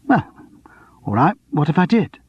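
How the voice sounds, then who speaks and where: A defensive, flustered middle-aged box office woman, as a male narrator puts her on, her pitch lifted and her voice husky. She sounds anxious and sarcastic by turns in a dull, dry storybook recording. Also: big pitch swings, normal speed, no room sound.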